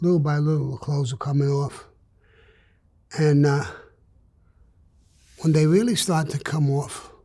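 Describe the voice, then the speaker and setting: A New man with a husky, breathy edge tells a crude joke story during an interview. He curses freely and swings from hushed asides to loud, animated bursts. His voice sits slightly high for a man. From New York. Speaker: interview guest.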